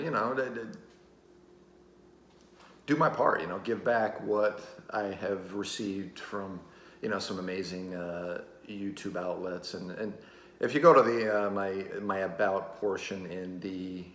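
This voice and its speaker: Channel host, a low-pitched man rambling casually to camera with constant fillers, recorded in a reverberant room. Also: fairly bright tone. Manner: rambling, halting, fills every pause with "you know" and "uh". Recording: roomy echo.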